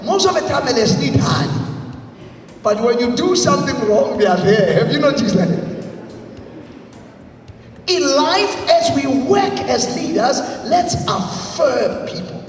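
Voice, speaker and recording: A man's voice: very high voice, very animated, a little slow, a little hiss or hum. A man giving an emphatic motivational leadership talk, leading the audience in repeat-after-me lines. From South Africa. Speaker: motivational speaker. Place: large congress hall. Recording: echoey hall, voice from far off, faint music.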